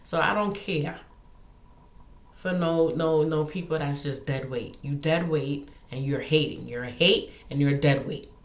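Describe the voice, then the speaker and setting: A woman telling a personal story in a casual monologue, animated and feisty, with many restarts. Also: deep voice, a little slow, reverberant. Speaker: vlogger.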